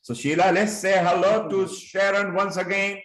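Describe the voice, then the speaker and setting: A man hosts a live online show over a video call, greeting his guests and heaping effusive compliments on them. His voice sits high with little pitch movement, a fairly bright tone and normal speed, and the room sounds echoey.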